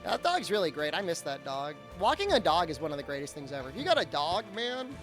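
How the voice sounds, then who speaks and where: Animated rambling male streamer. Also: on the high side, fast talker, music in the background. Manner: rambling storyteller, frequent fillers and restarts. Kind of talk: casual chat during a live game stream.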